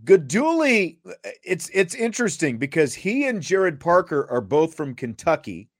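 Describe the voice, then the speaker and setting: A man's voice: on the high side, very animated, measured pace, no echo, clean studio sound. A man hosting a sports podcast, talking casually and rambling with plenty of fillers and restarts. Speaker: podcast host.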